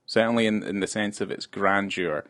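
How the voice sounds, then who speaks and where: Low-voiced Scottish man, dry close sound. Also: steady tone, moderate pace, a bit bright, no room sound. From Scotland. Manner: rambling, many restarts, candid swearing. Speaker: podcast co-host. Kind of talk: casual film discussion.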